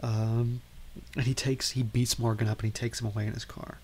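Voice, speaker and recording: A man's voice: mid-range voice, level tone, fairly quick, darkish tone, slight background noise. A man hosting a film show, rambling through a casual movie recap full of "like" and "um". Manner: rambling, lots of "like" and "um". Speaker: film podcast host.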